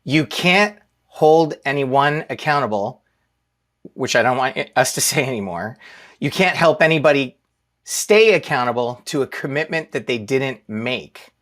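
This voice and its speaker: A man in his thirties speaks to a live audience in a relaxed, conversational way. He tells stories about himself with a self-deprecating touch and stops to put questions to the room. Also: medium pitch, unhurried. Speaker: leadership speaker.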